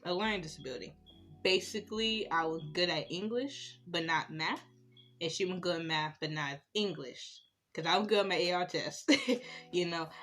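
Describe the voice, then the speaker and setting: A young woman with a lower-pitched voice talks casually while applying her makeup as a beauty vlogger. She gets animated when retelling her stories, with soft music playing faintly in the background.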